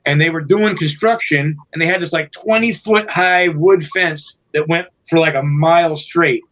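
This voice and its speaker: A man's voice: on the high side, moderate pace, a bit bright, muffled recording. A man guesting on an interview show, telling a profane, rambling tour story in a casual way, full of fillers. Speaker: guest musician.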